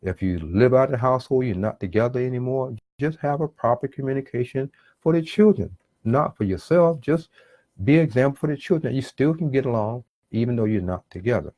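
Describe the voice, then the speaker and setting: A man's voice: medium pitch, animated, fairly quick, warm tone, dry recording. A man preaching a sermon on relationships in an earnest, repetitive way, often acting out what people might say to each other. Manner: earnest, repetitive, acts out quoted dialogue.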